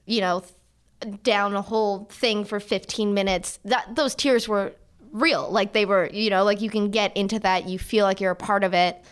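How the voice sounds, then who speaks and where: Lively young woman in her twenties in a relaxed podcast chat, an actor who talks animatedly and acts out the people she quotes. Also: mid-range voice, moderate pace, smooth. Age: 20s. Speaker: actor guest.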